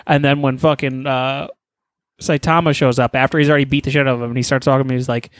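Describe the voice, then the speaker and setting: A man's voice: medium pitch, level tone, quick pace, dry recording. A man animatedly retelling a story in casual chat, swearing often.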